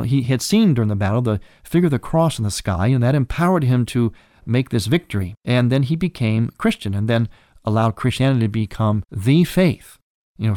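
A man teaching about church feasts in a measured, explanatory way, often restarting a phrase as he works out his wording. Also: medium pitch, dark tone, no room sound, studio quality. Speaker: religious teacher. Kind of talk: explanatory religious lecture.

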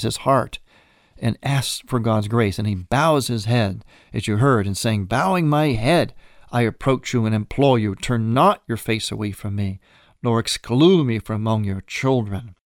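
A man, a priest, explaining the liturgy in a measured, reverent way and reading prayers aloud, rising in pitch on key words. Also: dry recording, clean studio sound.

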